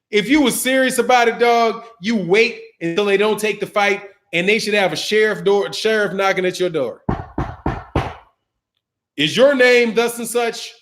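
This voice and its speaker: A man's voice: sits high, a bit bright. A man hosting a boxing channel, giving a slangy, mocking commentary rant.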